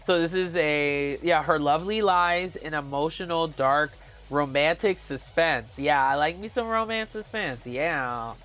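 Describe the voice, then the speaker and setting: A man's voice: fairly high pitch, a little slow, hardly any pauses, a bit bright. A man chatting casually to viewers on a live stream, gushing and giggly, often calling out to them as guys. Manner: giggly, with playful exclamations. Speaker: book vlogger.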